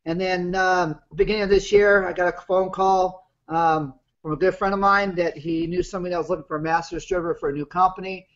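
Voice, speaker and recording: A man's voice: sits high, fairly even intonation, brisk, hardly any pauses, a bit bright. A man in his fifties telling his personal story on a webinar in a plain-spoken, rambling way. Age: 50s. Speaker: guest business partner. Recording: muffled lo-fi video call audio.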